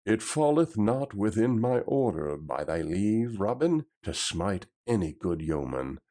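Dignified commanding king, read by a man, low voice, slow formal delivery. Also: big pitch swings, dark tone. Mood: stately. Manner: measured, formal old-style speech.

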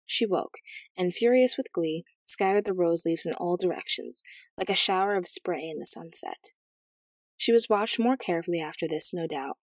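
A woman narrating a fairy tale as an audiobook, in a measured, gently expressive storytelling manner. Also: on the low side, no echo, clean studio sound.

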